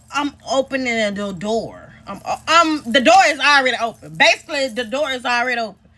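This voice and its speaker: A woman's voice: sits high, expressive, normal speed, pushed and bright. A woman telling a heated, profane story to her viewers in a storytime vlog, recorded on a phone.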